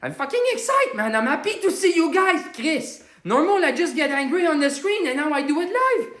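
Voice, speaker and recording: A man playing a brash, excitable Quebecois would-be politician with a Quebec French accent, doing a comedic forecast in profane broken English. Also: very high-pitched, brisk, roomy sound. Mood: excited. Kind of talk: comedic live-stream monologue.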